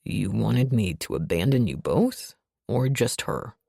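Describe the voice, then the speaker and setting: A woman voicing a wounded male shadow wraith who talks in a slow, slurred rumble. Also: expressive, gravelly, warm tone, breathy edge, no echo, studio quality, heavily acted. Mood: groggy, gruff.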